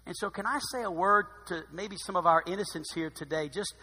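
High, bright-voiced man preaching. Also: a little fast, breathy edge. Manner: dramatic, swinging from hushed asides to loud emphasis. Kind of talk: sermon. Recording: long hall reverb.

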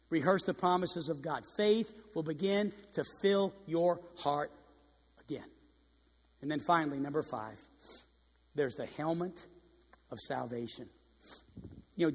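A middle-aged man preaching a sermon as pastor, dynamic, swinging between hushed and loud delivery. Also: sits high, breathy edge, in a large hall. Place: church sanctuary.

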